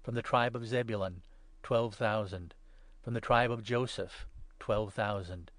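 A man's voice: on the low side, fairly even intonation, no room sound. Solemn man reading scripture aloud. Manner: measured, solemn reading that swells louder on proclamations. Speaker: scripture reader.

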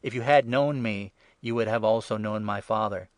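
Solemn male teacher in a scripture reading, read by a man, measured, low voice, dry sound. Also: no room sound, natural voice.

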